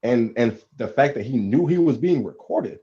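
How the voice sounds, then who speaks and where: A man hosting a podcast, speaking deliberately with halting restarts in casual discussion. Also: mid-range voice, expressive, mellow. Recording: dull, muffled audio.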